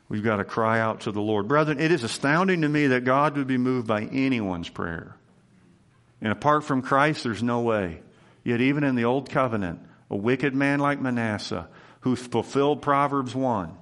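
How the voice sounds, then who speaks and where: An earnest male pastor delivering a sermon in a mid-pitched voice. He presses his points with emphatic repetition and moves naturally into a heartfelt prayer. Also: fairly bright tone. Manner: earnest and emphatic, repeating key phrases.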